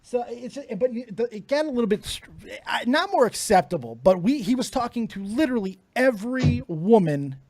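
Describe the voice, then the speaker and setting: A man's voice: very high voice, a little fast, few pauses, dry recording. A middle-aged man co-hosting a casual podcast, swearing freely and laughing often. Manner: profane, laughs often, excitable. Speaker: podcast co-host.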